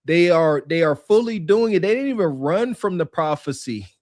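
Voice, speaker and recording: Male podcast co-host, higher register, emphatic lecturing delivery, dry mic. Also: expressive, normal speed, a little mellow, no echo. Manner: preachy, laughing, emphatic. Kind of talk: casual podcast commentary.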